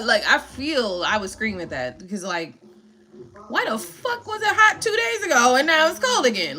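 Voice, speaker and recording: A woman's voice: fairly high pitch, big pitch swings, normal speed, sharp tone, soft background music. A woman hosting a live stream who chats casually with viewers in a playful, laughing way and swears freely. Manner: chatty, laughing, profane and playful. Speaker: tarot reader and live stream host.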